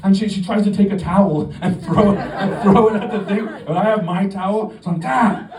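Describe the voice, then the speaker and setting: A man's voice: high voice, fairly even intonation, brisk, crowd noise. A middle-aged Canadian man doing a stand-up comedy set, telling a story with lots of swearing and mock bravado. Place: comedy club stage. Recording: roomy live club audio from the stage mic at a distance. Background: audience laughter.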